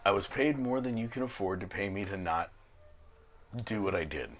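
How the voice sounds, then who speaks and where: A man's voice: on the low side, animated, moderate pace, voice pushed down, lightly acted. A man playing a cold, curt hired captive.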